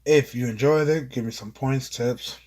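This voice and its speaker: A man reading his own book aloud as an amateur audiobook, with expressive, earnest delivery. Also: medium pitch, normal speed. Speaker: author and narrator.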